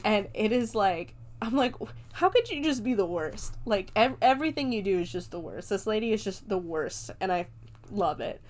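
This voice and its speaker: A woman's voice: mid-range voice, very animated, moderate pace. A woman hosting a podcast, recapping a film in a chatty, rambling way, swearing casually and laughing often. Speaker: podcast host reviewing a film.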